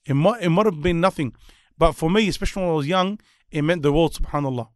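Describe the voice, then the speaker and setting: Young Australian man, earnest and slightly high-pitched, dry mic. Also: quick pace, dry recording. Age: young adult. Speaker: guest speaker. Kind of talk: casual chat.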